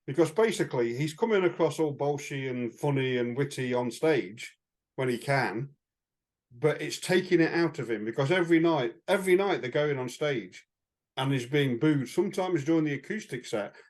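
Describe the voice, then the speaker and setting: A man co-hosting a podcast shares rambling anecdotes in a casual chat, with frequent fillers and chuckles. His mid-range voice is animated and darkish, moving at a moderate pace.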